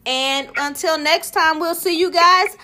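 Woman hosting a podcast, talks slow, bright high voice, teasing n laughing. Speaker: podcast host. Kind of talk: casual chat.

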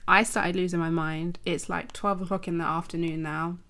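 A woman's voice: on the low side, moderate pace. Woman rambling through a story, lots of likes, laughs a lot. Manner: animated, chatty, laughs often, many "like"s. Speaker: podcast guest. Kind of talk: casual storytelling.

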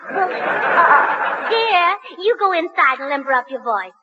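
A woman's voice: extremely high pitch, big pitch swings, takes it slowly, over a noisy crowd. A woman in a 1940s radio comedy, talking in a ditzy, literal-minded way. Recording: muffled old radio recording with loud hiss.

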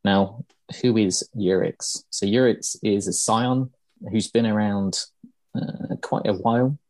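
A man's voice: on the low side, steady tone, slow, a little mellow, no echo. A man hosting a podcast, casually explaining game lore with many ums and uhs. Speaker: podcast host.

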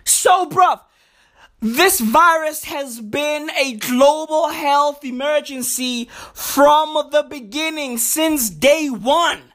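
High, slow-talking man in a profane rant. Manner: shouting, swinging pitch wildly, heavy slang. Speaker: vlogger. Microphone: home recording setup.

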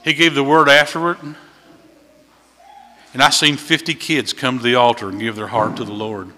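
A man preaches in a church, telling folksy stories with a bright, forceful voice. His voice swells louder at key points, and a long reverb trails after his words in the hall. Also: medium pitch, level tone, measured pace, slight background noise. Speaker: visiting preacher. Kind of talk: sermon. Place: church sanctuary.

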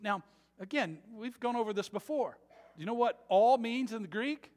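A man preaching a sermon as a pastor, moving between quiet earnest passages and loud emphatic ones. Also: very high-pitched, moderate pace, big-room sound. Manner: dynamic preaching, swings from soft to loud emphatic.

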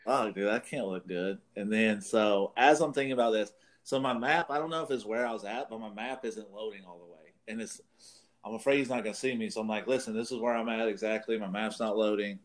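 A man's voice: fairly low pitch, a little fast. A man casually telling a long, rambling story on a talk show, swearing freely and laughing as he goes. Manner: rambling, profane, laughs through his story. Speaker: podcast co-host.

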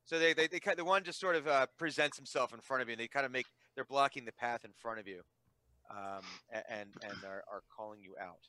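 A man narrating a tabletop game as game master, halting and restarting often as he describes the scene. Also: medium pitch, bright, forceful tone, no echo. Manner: halting, full of restarts and fillers.

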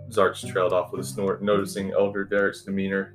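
Male fantasy narrator, low voice, steady reading, soft guitar underneath. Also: brisk.

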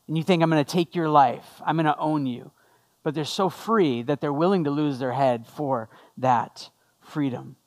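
A man's voice: high voice, a little mellow. A male pastor giving a sermon after an opening prayer, conversational with jokey asides to the congregation.

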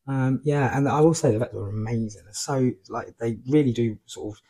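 A man's voice: medium pitch, moderate pace, warm tone, breathy edge. A man, co-hosting a local podcast in a chatty, rambling, playful way. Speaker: podcast co-host. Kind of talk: casual chat and mock news reading.

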